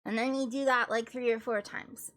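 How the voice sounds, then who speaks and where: A young woman streamer and classical singer chatting casually and jokingly while doing vocal warm-ups. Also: fairly high pitch, steady tone, moderate pace. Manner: joking, self-deprecating, chatty.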